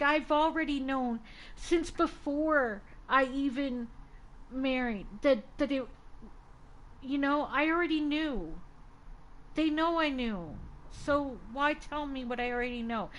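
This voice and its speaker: A woman's voice: high-pitched, a bit bright, rough recording. A woman chatting casually on a live stream at home, rambling and exasperated, talking in fits and restarts as she gets a tarot reading.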